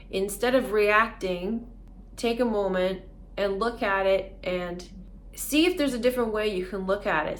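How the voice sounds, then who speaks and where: A woman talks straight to her viewers in a relaxed vlog monologue, walking through a self-help idea. She is earnest and often breaks into a light laugh. Her voice sits at an ordinary middle pitch. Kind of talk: casual explanatory monologue.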